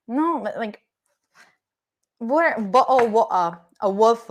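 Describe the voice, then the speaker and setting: Cooking at home in a kitchen with the door open, a young Italian-accented livestreamer from Italy chats casually and playfully with her viewers, swearing from time to time. She speaks in an expressive mid-range voice at a measured pace.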